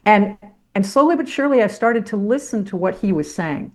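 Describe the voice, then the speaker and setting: A woman's voice: mid-range voice, expressive, moderate pace. Older woman, podcast guest, candid storytelling, blunt, salty, self-mocking. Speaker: guest, former sportscaster turned teacher.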